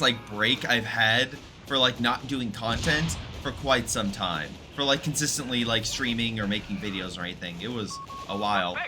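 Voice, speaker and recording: A man casually commentating a strategy game replay, rambling and chatty, with many fillers and self-corrections. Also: medium pitch. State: recovering from illness.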